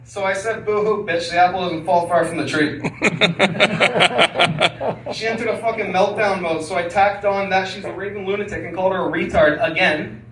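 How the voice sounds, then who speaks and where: A man with a high, fairly bright voice performs a crude, rambling stand-up set in a small basement room, speaking at a normal speed in a steady tone and leaning heavily on fillers. A distant mic captures him, making the room sound echoey.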